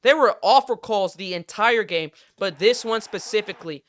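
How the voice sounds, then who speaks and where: Young male podcast host, frustrated sports ranter, bright and smooth clear tone. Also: sits high, normal speed. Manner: heated, frustrated ranting with swearing. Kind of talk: casual sports commentary rant.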